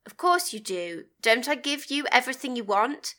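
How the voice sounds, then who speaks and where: Brief: woman reading a dismissive, penny-pinching husband, scornful and sharp-edged. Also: sits high, lively intonation, moderate pace. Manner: curt, scornful. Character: stubborn, tight-fisted middle-aged husband, dismissive.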